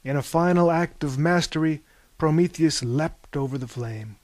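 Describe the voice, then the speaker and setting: A man reading a comic story aloud in a slow, deadpan manner. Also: fairly high pitch, no echo. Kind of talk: scripted narration.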